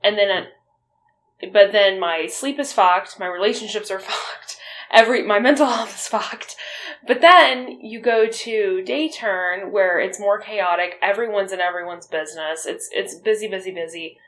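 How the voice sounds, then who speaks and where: A woman's voice: medium pitch, normal speed, a bit bright, poor audio. Blunt young woman chatting candidly. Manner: candid, blunt, swears freely. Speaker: podcast co-host. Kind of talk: casual chat.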